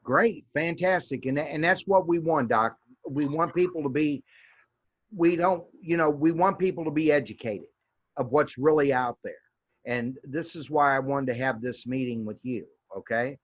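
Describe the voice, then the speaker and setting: A man's voice: fairly high pitch, normal speed. A man with a Southern American accent hosting an interview, rambling and folksy with lots of fillers. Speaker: host. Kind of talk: casual interview. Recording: dull lo-fi sound.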